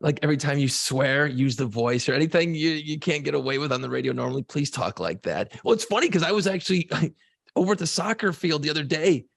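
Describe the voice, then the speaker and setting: A laid-back radio host chats on a podcast with a gravelly, husky voice. The sound is dry and close to the mic, and he swears casually as he talks. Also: fairly high pitch, fairly quick, dry recording.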